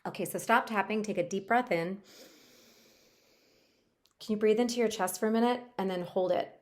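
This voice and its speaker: A woman guiding a tapping session for stress relief, talking in a gentle, chatty coaching way with a few fillers. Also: mid-range voice, moderate pace. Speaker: tapping practitioner.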